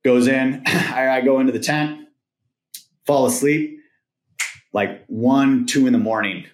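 A man's voice: mid-range voice, steady tone, measured pace. A man, a podcast guest, rambling through a story with lots of "like" and "right?". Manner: rambling, filler-heavy retelling with "like" and "right?". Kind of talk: casual storytelling. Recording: roomy echoing sound.

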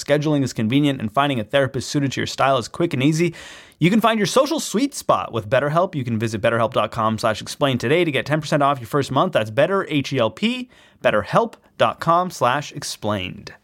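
A man reading a sponsor ad casually and playfully, laughing at himself. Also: medium pitch. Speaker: host reading an ad. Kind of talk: casual ad read.

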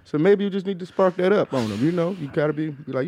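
A man hosting a podcast, chatting casually with crude, animated storytelling. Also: on the high side, fast. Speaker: podcast host. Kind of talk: casual comedic chat.

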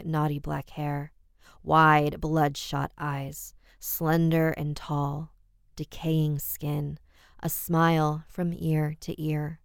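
A woman narrating a scripted horror story, measured and dramatic. Her voice is low, smooth and resonant. The recording is dry and close, with no room sound. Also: dry recording.

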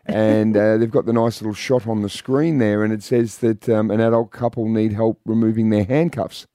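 A man's voice: fairly low pitch, little pitch movement, moderate pace, mellow, dry recording, studio quality. Jokey man on radio. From Australia. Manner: jokey, chatty storyteller. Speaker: radio co-host. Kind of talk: casual radio banter.

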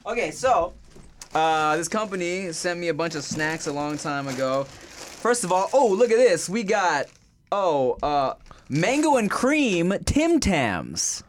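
A man's voice: high-pitched, big pitch swings, slow. Crude joking podcast co-host, a man. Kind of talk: casual podcast banter.

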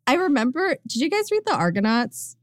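A woman guest on a podcast, chatting casually, full of "like" fillers and quick laughs. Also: high voice, very animated, no room sound. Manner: laughing often, lots of "like" fillers. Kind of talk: casual chat.

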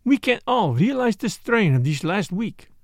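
A man voicing a clever older male detective who speaks gently and courteously. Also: high voice, very animated, moderate pace, gravelly, dry recording, clean studio sound, voice pushed up, heavily acted. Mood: gentle.

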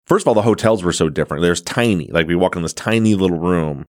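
A man hosts a relaxed podcast chat, easygoing and quick to laugh at himself. His voice is very low, recorded dry and close. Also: no room sound. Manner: easygoing, laughs often, self-deprecating. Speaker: podcast host. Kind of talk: casual interview chat.

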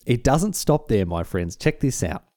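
A man's voice: medium pitch, unhurried, no room sound, clean studio sound. A man with an Australian accent telling a history story in a casual, conversational way. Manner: animated, conversational, with restarts. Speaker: history podcast host.

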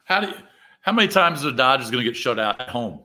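An easygoing man co-hosting a betting podcast, chatty and agreeable. His voice is bright and crisp, at a middling pitch. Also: very animated, fast. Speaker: co-host of a sports betting podcast. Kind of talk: casual chat.

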